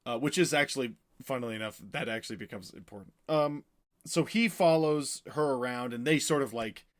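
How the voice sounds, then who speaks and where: A man co-hosting a podcast, recapping a novel in a rambling, animated way, with many fillers and acted-out quotes. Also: mid-range voice, brisk. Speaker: podcast co-host recapping a book. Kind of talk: casual chat.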